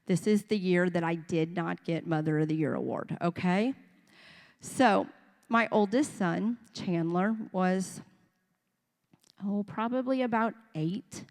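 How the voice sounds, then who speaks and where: A middle-aged woman preaching a sermon in a church, telling stories and acting out voices. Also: medium pitch. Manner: storytelling, animated, acts out voices of children and parents. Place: church sanctuary. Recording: long reverb of a church hall.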